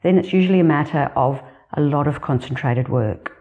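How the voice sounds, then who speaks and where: A woman with an Australian accent, a career specialist giving measured, deliberate advice in a scripted talk to camera. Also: deep voice, narrow, tinny audio.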